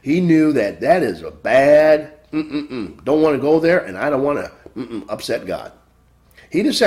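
Emphatic preacher man, lively pitch. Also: normal speed. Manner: emphatic, repeats phrases, swings between loud stresses and quiet drops. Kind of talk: sermon.

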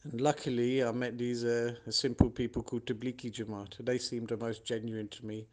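A man from tells his own stories in an easygoing, conversational way. His voice sits at an ordinary middle pitch, and he gets lively whenever he acts out what someone else said. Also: normal speed. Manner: animated, acts out other people's lines. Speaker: podcast host telling his own stories. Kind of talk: casual storytelling monologue.

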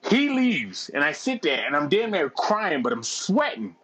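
A middle-aged man telling a long anecdote in casual chat, profane and animated, laughing as he goes. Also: fairly high pitch, normal speed, breathy edge.

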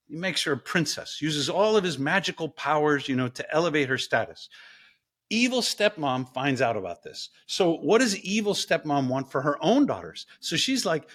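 A man, a professor, telling stories as a guest in an interview in an animated, playful way. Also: fairly high pitch, moderate pace.

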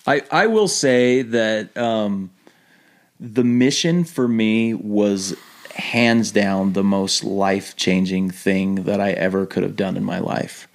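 A man guesting on a podcast, telling lively stories in an animated way, laughing often and restarting his sentences. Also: fairly low pitch, slow, gravelly. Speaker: podcast guest, former missionary. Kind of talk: casual storytelling interview.

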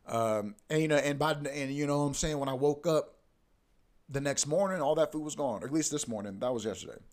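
A man's voice: fairly high pitch, brisk, darkish tone. Profane young man ranting casually. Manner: profane, ranting, fills talk with "bro". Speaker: podcast host. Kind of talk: casual podcast monologue.

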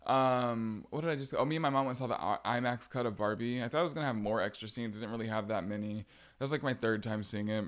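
A young man hosts a casual solo podcast in a mid-range voice. He talks in a chatty, gossipy way, full of quick asides and sarcastic jabs. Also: mid-range voice. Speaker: podcast host.

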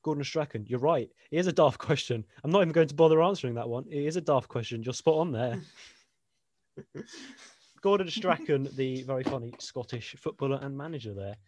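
A man's voice: medium pitch, a little fast, a little mellow, no room sound, studio quality. A young man co-hosting a casual podcast, reading funny sporting quotes aloud and laughing often. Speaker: podcast co-host.

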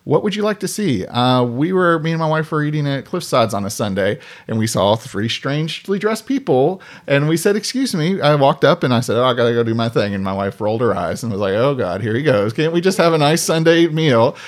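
A man's voice: mid-range voice, expressive, fairly quick, hardly any pauses. A man telling stories in casual conversation, animatedly acting out the voices of people in his anecdotes. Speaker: podcast guest. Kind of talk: casual storytelling.

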